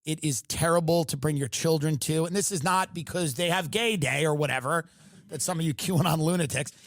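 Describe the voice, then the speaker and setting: A man hosting a comedy podcast, ranting in an animated, sarcastic and profane way. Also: fairly high pitch, brisk, dry recording, clean studio sound. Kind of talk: comedic rant.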